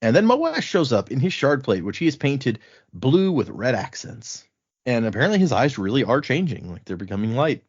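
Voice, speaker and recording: Podcast guy retelling a book, super lively up and down voice, kinda muffled audio. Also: mid-range voice, normal speed, slightly rough. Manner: animated retelling, quotes characters in a loose conversational voice. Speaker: podcast host recapping a book. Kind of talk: casual chat.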